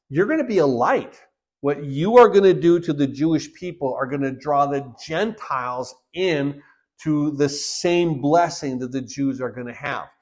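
A man preaching a sermon, reading Bible verses aloud and explaining them, growing louder on key verses and dropping low to close a point. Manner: reads scripture aloud then explains it, with fillers and repeats. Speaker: pastor.

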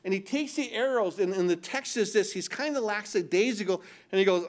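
High-pitched guy preaching, lots of "do you understand", repeats himself. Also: brisk, hardly any pauses. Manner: repetitive, rhetorical questions, acts out voices. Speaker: pastor. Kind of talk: sermon.

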